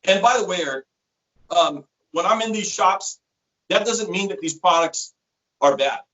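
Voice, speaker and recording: A middle-aged salesman talks at a moderate pace in a high voice, recorded with lo-fi sound. In this casual interview he mixes stories with product explanations, acting out quoted voices with lively energy.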